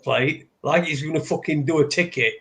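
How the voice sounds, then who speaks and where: A man's voice: a little high, moderate pace, gravelly, fairly bright tone. Rambling man, profane. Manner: rambling, profane, restarts often. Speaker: podcast co-host. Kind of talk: casual storytelling chat.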